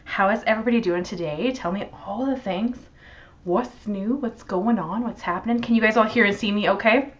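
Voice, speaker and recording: A woman's voice: medium pitch, normal speed, highs cut off. A young Canadian woman with a Canadian accent hosting a casual crafting livestream, greeting viewers by name and laughing often, heard through the camera's built-in microphone. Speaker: crafting channel host.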